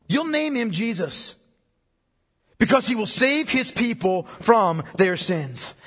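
A male pastor preaching a sermon, emphatic, repeating key phrases and dropping low for weight. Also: fairly bright tone, slightly rough. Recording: long reverb of a large hall.

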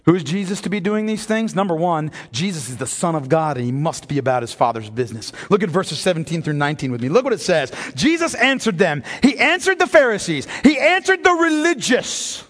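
A man's voice: high-pitched, fairly quick, hardly any pauses, big-room sound. A man preaching a sermon, moving from joking stories to solemn, emphatic points. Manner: animated storytelling preacher, shifts from jokes to solemn emphasis. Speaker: pastor.

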